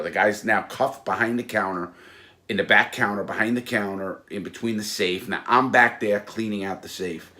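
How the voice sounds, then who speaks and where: A man telling blunt, profane stories from his own past in a casual, animated way. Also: low-pitched. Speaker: storyteller recounting his past. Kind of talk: casual spoken anecdote. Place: Florida.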